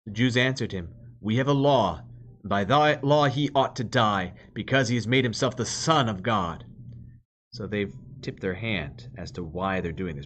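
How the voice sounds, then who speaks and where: Low-voiced priest reading and explaining scripture. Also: male voice, fairly bright tone. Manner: reads scripture aloud, then explains it plainly with fillers. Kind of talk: Bible reading with commentary.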